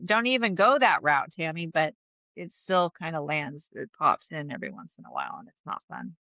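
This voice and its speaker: Chatty woman with a bright voice. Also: sits low, sing-song, normal speed, no echo, highs cut off. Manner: chatty, laughs often, restarts sentences. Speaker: podcast guest. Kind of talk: candid conversational interview.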